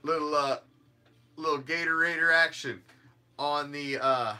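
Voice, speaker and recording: A man's voice: on the high side, steady tone, unhurried, bright, forceful tone. A man hosting a fan sports show, talking casually in a rambling, emphatic way with frequent restarts and some swearing. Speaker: fan podcast host.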